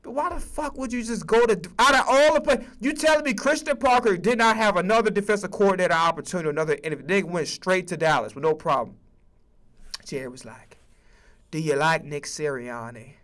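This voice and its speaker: In a casual rant about football, this streamer and sports commentator speaks quickly in a high, bright male voice. His delivery is animated, emphatic and profane, full of stammered restarts.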